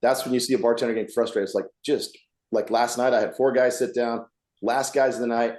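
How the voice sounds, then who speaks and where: A man's voice: medium pitch, fairly even intonation, brisk, a little mellow. A man co-hosting a casual podcast, a working bartender telling blunt stories and acting out customers. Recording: echoey room.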